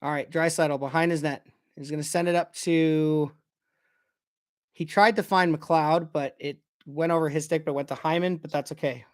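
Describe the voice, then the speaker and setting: Excitable male hockey fan calling plays. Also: fairly high pitch, moderate pace. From Canada. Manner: excitable, swears, shouts at goals. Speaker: fan commentator. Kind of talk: casual play-by-play watch-along.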